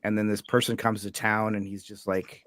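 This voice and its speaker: A man's voice: fairly low pitch, little pitch movement, moderate pace, a bit bright, no echo, studio quality. Laid-back man chatting. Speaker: storyteller, channel host. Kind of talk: casual chat on a livestream.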